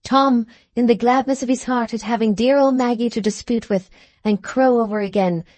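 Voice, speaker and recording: A woman reading a classic novel as an audiobook narrator, in a measured storytelling manner. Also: a little high, dark tone, no room sound. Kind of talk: scripted narration.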